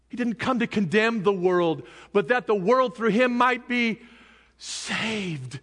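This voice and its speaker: A man delivers an impassioned sermon in a strikingly high, bright voice. He speaks slowly and deliberately, and his words ring out in a reverberant hall. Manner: impassioned, shouting at peaks. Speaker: preacher.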